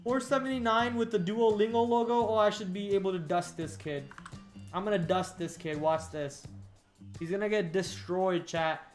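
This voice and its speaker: A man's voice: high voice, fairly even intonation, moderate pace, faint music behind. A man hosting a livestream, chatting casually with viewers in a hyped, playful way. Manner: hyped, playful, talking to chat. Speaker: livestream host.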